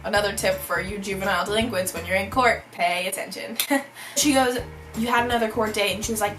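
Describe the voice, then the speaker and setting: A young woman telling a storytime vlog, bubbly and animated, saying "like" constantly. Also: medium pitch, fast talker, over music, poor audio. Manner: bubbly, animated, heavy use of "like". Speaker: vlogger.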